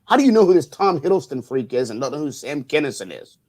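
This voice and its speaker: A man's voice: a little high, big pitch swings, fast talker, darkish tone. A middle-aged man co-hosting a casual chat show, rambling and teasing like a big brother. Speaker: co-host.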